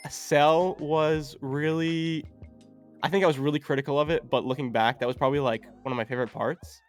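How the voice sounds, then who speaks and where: A man's voice: a little high, steady tone, a little fast, soft background music. A man chatting as a guest on a stream, rambling and hesitant with many fillers. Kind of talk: casual podcast chat.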